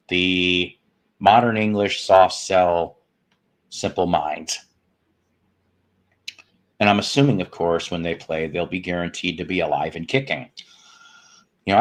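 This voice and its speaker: A man in his fifties hosting a casual live stream from home, greeting chat viewers and cracking puns and profane jokes. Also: deep voice. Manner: joking, punning, profane asides. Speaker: host of a live music stream.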